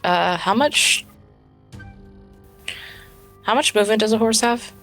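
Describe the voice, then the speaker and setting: Slow, gravelly-voiced woman player. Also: medium pitch, a bit bright, soft background music. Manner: unhurried, hesitant, thinking aloud. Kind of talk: casual tabletop play.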